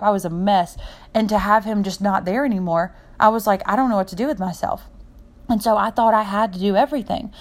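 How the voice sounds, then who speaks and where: Rambling, heartfelt young woman podcaster. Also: mid-range voice. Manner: rambling and heartfelt, jumps between points. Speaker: podcast host. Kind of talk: unscripted personal podcast monologue.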